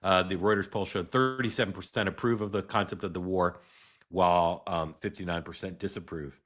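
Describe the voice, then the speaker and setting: A middle-aged man hosting a live political news show, talking in a halting way with many "uh"s and restarts. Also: low voice, fairly even intonation, a bit bright. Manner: halting, filler-heavy delivery with frequent "uh" and restarts. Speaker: host.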